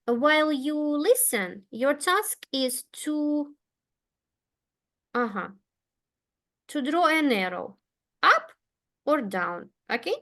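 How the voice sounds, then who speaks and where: A woman teaching an English lesson, speaking patiently and clearly. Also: high voice, animated, a bit bright. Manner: patient, slow and clear, with frequent okays. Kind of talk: online one-to-one English lesson.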